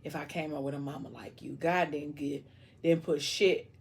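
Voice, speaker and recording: A woman voicing a troubled, guarded young man who speaks in low, subdued street slang. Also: steady tone, normal speed, slight background noise. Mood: weary.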